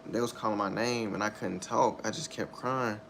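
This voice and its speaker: A young man giving a candid personal account in a halting, repetitive, subdued way, circling back over his words. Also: lowish voice, steady tone, vocal fry, fairly bright tone, slight background noise. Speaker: storyteller sharing a personal loss.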